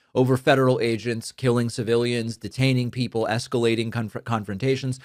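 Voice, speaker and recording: A man who grew up speaking Spanish, hosting a political commentary show and talking in an earnest, emphatic, measured way into a studio microphone. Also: mid-range voice, no room sound. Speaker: show host. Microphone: studio dynamic microphone.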